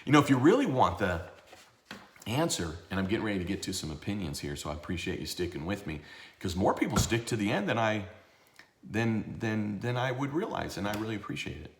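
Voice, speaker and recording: A man's voice: on the low side, fairly quick, reverberant, slight background noise. A man who works as a tax accountant and educator, ranting in blunt, sarcastic video commentary. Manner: animated and blunt, with a sarcastic edge.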